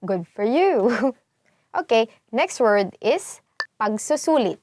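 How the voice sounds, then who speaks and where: A woman's voice: fairly high pitch, big pitch swings, takes it slowly, a little mellow, slight background noise. A young woman with a Filipino accent, teaching words playfully and laughing often. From Philippines. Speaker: language teacher. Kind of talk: casual vocabulary lesson.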